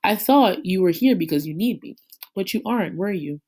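A woman reading the lines of a young man who talks softly and tenderly to his falcon. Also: mid-range voice, animated, fairly quick.

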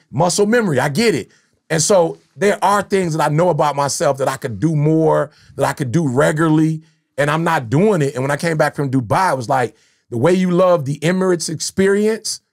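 Middle-aged dude on a podcast, high gravelly voice, slangy and animated. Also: male voice, brisk. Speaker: podcast host, motivational speaker. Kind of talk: casual podcast chat.

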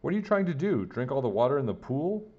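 A man voicing a stern but joking lifeguard in a storybook, calling out loud and bossy. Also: mid-range voice, sing-song, fairly quick, pitched above the performer's own voice, natural voice. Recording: dull lo-fi recording.

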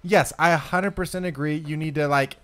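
A man's voice: on the high side, steady tone, fairly bright tone. Man arguing his point in banter. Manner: quick, argumentative banter. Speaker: podcast host. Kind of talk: casual chat.

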